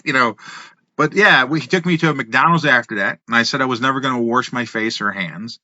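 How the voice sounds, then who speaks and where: A man in his fifties, a podcast guest who tells lively stories from his past, acting out voices, laughing and swearing. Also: on the high side, moderate pace, no echo. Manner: animated storyteller, acts out voices, laughs, swears. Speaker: podcast guest, wrestler and musician. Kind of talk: casual storytelling. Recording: dull, slightly lo-fi, dry.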